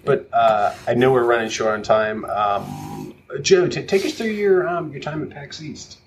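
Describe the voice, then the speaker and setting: A man's voice: mid-range voice, expressive, unhurried, vocal fry, a little hiss or hum. A man co-hosting a podcast in casual chat, rambling with many fillers and restarts. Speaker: podcast co-host.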